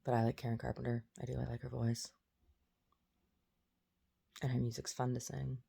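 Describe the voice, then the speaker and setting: A woman's voice: extremely low pitch, flat delivery, moderate pace, vocal fry, dark tone, breathy edge. A woman talks from her bed, still groggy with her first-thing-in-the-morning voice. She rambles through a casual monologue, blunt and full of opinions. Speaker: vlogger. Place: in bed at home.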